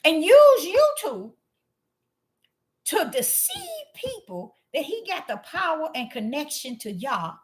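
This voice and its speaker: A woman with a fairly high voice delivers a preachy monologue to her viewers. She hammers points home by repeating herself. She jumps from loud exclamations to quiet, muttered asides. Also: very animated, slow pace. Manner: emphatic, repeats phrases for emphasis. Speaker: online religious commentator.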